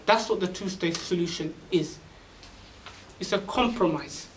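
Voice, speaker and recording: A man preaching an Islamic lecture in a high-pitched, insistent voice. He presses his points with rhetorical questions and recites Arabic verses. The mic sits some distance away, with a faint hiss under his voice. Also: measured pace. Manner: emphatic, rhetorical questions, quotes Arabic scripture. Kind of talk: religious lecture.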